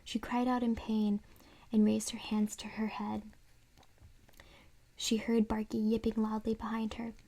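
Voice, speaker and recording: A woman reading a children's horror story aloud in a soft, unvoiced whisper, as whispered role-play. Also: on the high side, monotone, unhurried, creaky, long pauses. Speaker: ASMR reader.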